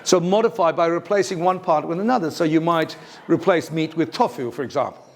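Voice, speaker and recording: Guy giving a teacher workshop, upbeat and punchy, throws questions at the room, bit of a higher voice. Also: fairly quick. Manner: lively, emphatic, asks the audience questions. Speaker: teacher trainer. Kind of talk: workshop presentation. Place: university lecture room.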